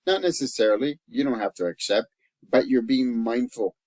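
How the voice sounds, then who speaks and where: Earnest, halting man talking close and dry. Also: mid-range voice, animated, dry recording, rough recording. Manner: earnest and halting, with many restarts; openly emotional, voice dropping soft at times. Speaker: life coach. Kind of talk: personal reflective vlog talk.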